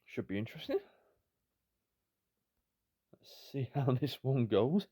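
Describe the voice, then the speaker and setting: A man's voice: medium pitch, big pitch swings, slow pace, warm tone, slightly rough, no echo, clean studio sound. A tired man giving rambling, self-deprecating commentary on a football management game. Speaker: gaming YouTuber. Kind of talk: casual gameplay commentary.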